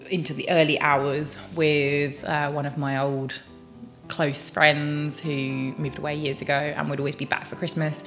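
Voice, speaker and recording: A British woman talking in a chatty, bubbly vlog, full of rambling asides. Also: sits low. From United Kingdom. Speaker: vlogger. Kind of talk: personal vlog, casual chat.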